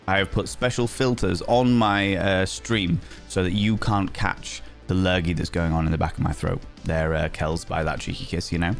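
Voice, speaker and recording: Playful man streaming, low voice. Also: creaky. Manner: playful, teasing, theatrical swings in pitch. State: sore sinuses, a bit under the weather. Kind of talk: casual live-stream chat.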